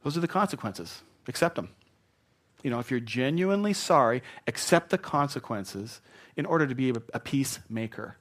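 A middle-aged man preaches from a church pulpit, his voice sitting in an ordinary middle pitch. He talks plainly, then acts out quoted apologies and excuses with lively shifts of voice. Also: moderate pace. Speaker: pastor. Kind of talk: sermon.

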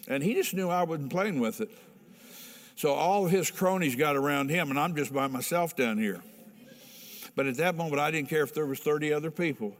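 A man's voice: a little high, normal speed. A middle-aged pastor preaching a sermon in a folksy, emphatic way, asking the congregation questions as he tells a story. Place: church hall with a congregation. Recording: long reverb in a large hall.

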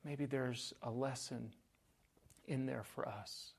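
A man preaching a sermon, measured and earnest, often dropping to a soft, quiet voice on key phrases. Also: mid-range voice, steady tone, vocal fry, husky. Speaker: pastor.

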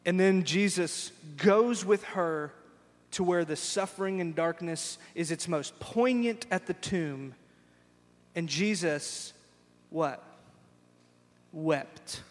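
Pastor guy preaching in a church, high voice, big hall echo, acts out the characters. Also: slow pace, long pauses. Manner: animated storytelling preacher who acts out voices. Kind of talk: sermon. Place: large church sanctuary. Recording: long hall reverb in a church.

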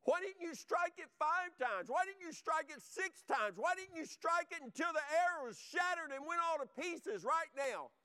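A man's voice: extremely high pitch, fast, few pauses, fairly bright tone, clean tone. A man voicing a stern, dying old male prophet who gives urgent commands within a sermon. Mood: angry.

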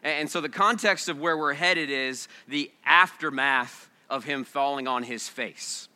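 A man preaching a sermon to his congregation, swinging between loud bursts and hushed storytelling. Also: medium pitch, measured pace, clear, resonant tone. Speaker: pastor. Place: church sanctuary before a congregation.

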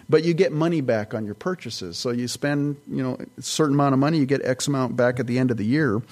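A man's voice: medium pitch, darkish tone. Man preaching a rambling conversational sermon. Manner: conversational, rambling with restarts and side notes. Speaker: pastor.

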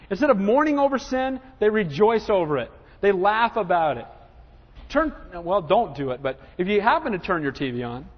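A man preaching a sermon in a church sanctuary in an emphatic manner, repeatedly asking his congregation "Amen?", heard through a dull recording with a long hall reverb. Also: very high voice. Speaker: pastor.

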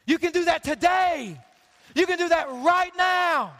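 A man's voice: extremely high pitch, measured pace, fairly bright tone. Male pastor, sermon, passionate and repetitive; long hall reverb. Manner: passionate, repetitive preaching with building emphasis.

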